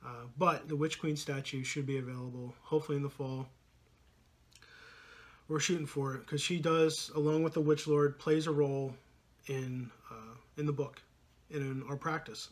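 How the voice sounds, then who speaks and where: A man's voice: fairly high pitch, steady tone, moderate pace. A man, likely in his thirties, talking casually to camera in a rambling vlog, full of fillers and self-corrections. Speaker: podcast co-host and vlogger.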